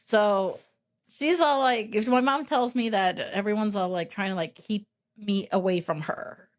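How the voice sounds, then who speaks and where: A woman hosting a podcast who tells a family story in an animated, rambling way, with plenty of swearing. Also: medium pitch, measured pace. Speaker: podcast host. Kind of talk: casual storytelling chat.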